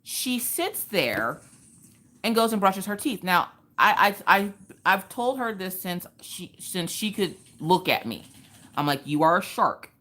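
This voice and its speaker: Taking things slowly, a woman with a mid-range, slightly bright and very animated voice chats through a relaxed livestream as she diamond paints. She tells stories to her viewers and throws in joking asides to chat.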